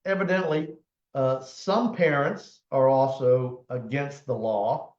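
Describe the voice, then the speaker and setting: A man's voice: medium pitch, slow pace, darkish tone, highs cut off. Folksy older man, roomy sound. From Florida. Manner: folksy, rambling, with many "uh" restarts. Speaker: attorney and show host. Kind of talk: casual legal talk show chat.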